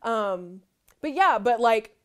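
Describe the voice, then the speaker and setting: A woman hosting a casual panel chat, animated and laughing often. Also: a little high, slow pace. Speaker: host.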